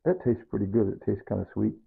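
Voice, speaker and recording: A man's voice: lowish voice, fast, gravelly, slightly rough. A man talking a home cooking video through in a casual, rambling way, repeating himself as he goes. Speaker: home cook. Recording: tinny phone-like audio.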